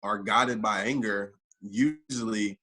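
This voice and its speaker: A man's voice: on the low side, steady tone, slow pace, sharp tone. A man guesting on a podcast as a motivational speaker, earnest and reflective, speaking from his own experience. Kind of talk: reflective interview talk.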